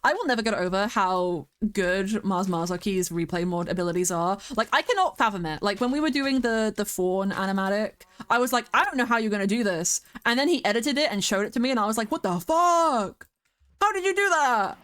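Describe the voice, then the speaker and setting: A woman's voice: mid-range voice, fast, few pauses, fairly bright tone. A young British woman streaming a game, chatting casually, rambling and giggling as she talks. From Britain. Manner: sings along to music at times.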